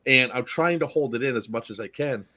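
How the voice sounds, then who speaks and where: A man's voice: mid-range voice, a little fast. A man in casual chat, telling a story with energy and acting out the people in it. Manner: animated, acts out the people in his story.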